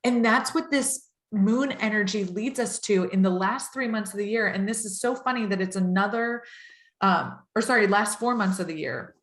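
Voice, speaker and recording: A woman's voice: mid-range voice, normal speed, fairly bright tone. A woman speaking as a tarot reader guest, earnest and flowing in long reflective sentences. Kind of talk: spiritual podcast conversation. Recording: echoey room sound.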